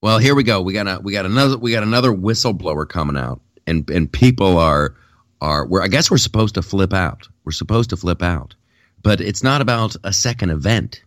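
A man co-hosting a podcast in casual political chat, jokey and animated, with many restarts. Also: sits low, a little fast, no room sound, clean studio sound. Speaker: podcast co-host.

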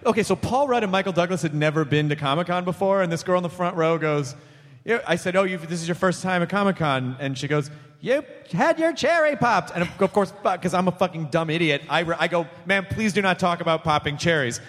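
A man hosting a casual comedy podcast, joking and riffing quickly and swearing freely. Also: fairly high pitch, big-room sound. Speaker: podcast host.

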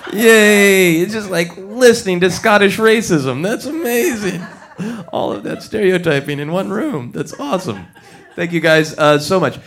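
A man's voice: sits high, animated, moderate pace. A man hosting a live podcast on a theater stage in front of an audience, upbeat and jokey. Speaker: podcast host.

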